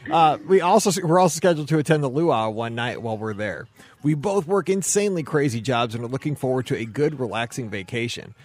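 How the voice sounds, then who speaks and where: A man's voice: mid-range voice, animated, quick pace. Midwestern man hosting a chatty podcast. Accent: Midwestern American. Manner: enthusiastic, many fillers and restarts. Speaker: podcast host. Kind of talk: casual podcast chat, reading listener emails.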